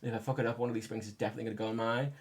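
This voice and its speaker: A man's voice: mid-range voice, level tone, racing, breathy edge. A man chatting casually on a livestream while repairing a controller, joking, swearing and laughing often. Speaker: streamer.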